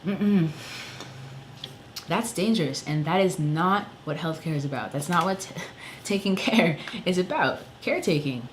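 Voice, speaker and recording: A songwriter rants angrily in a casual vlog, swearing often and padding his speech with "you know" and "like." His expressive voice sits on the high side at a moderate pace. The poor-quality audio carries a little hiss or hum.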